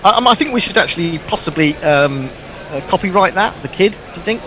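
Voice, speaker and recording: Brief: man, cricket co-commentator, a touch high-pitched, musing, easygoing, full of ums, faint hiss behind. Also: expressive, a little fast, a bit bright. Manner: musing, chatty, hesitant with fillers. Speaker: co-commentator reading listener messages. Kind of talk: live sports commentary chat.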